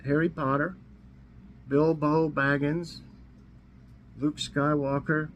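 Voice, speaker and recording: A man from Tennessee hosting a casual trivia vlog, a little hoarse, easygoing and chuckling to himself. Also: on the high side, steady tone, slow, pauses often, lo-fi sound, slight background noise. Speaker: vlog host. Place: warm room indoors.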